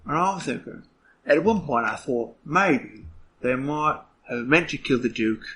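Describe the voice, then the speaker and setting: A man's voice: a little high, lively intonation, a little slow, fairly bright tone, a little hiss or hum. A man playing a tabletop role-playing game, thinking aloud in a hesitant way. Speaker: player. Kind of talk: tabletop role-play chat.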